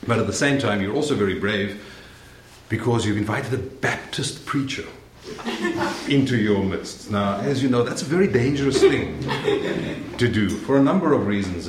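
A man's voice: mid-range voice, animated, moderate pace. A young man with a South African accent preaching a sermon as a guest preacher, friendly and joking with the congregation. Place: church sanctuary. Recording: roomy church sound, faint noise.

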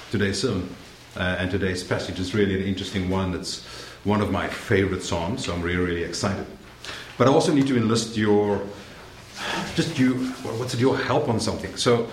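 A young man with a South African accent preaching a sermon as a guest preacher, friendly and joking with the congregation. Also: on the low side. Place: church sanctuary. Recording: roomy church sound, faint noise.

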